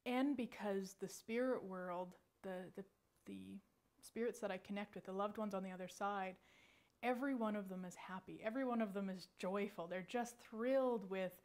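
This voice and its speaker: A woman in her forties, a psychic medium, telling a personal story in a chatty, animated way with many restarts. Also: mid-range voice, normal speed.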